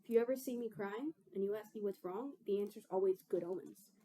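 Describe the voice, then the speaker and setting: A woman's voice: mid-range voice, fast, warm tone, a little hiss or hum. A young woman chatting casually while she bakes in her kitchen, rambling and mocking herself, swearing freely. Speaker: baking vlogger.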